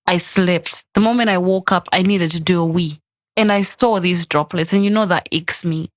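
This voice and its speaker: A woman's voice: lowish voice, normal speed, dry recording. A young adult woman, a podcast guest, telling a personal story in casual chat and acting out the quoted lines. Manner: animated, acts out quoted dialogue.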